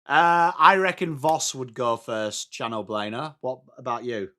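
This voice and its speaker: A young English man hosting a live football watchalong, chatting excitably with viewers and calling out plays. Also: medium pitch, measured pace. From England. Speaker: watchalong stream host.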